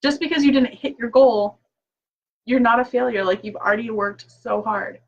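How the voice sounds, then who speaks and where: Recorded on a laptop mic with dull audio, a direct sales consultant chats casually and cheerfully in a live-stream recap from her home office. Her voice sits on the high side with a breathy edge, at normal speed, and she sprinkles in fillers and quoted asides.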